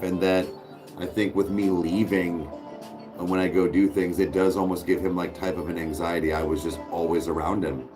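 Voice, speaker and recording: A young man casually chatting with his viewers and cooing softly to his dog. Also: sits low. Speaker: streamer host.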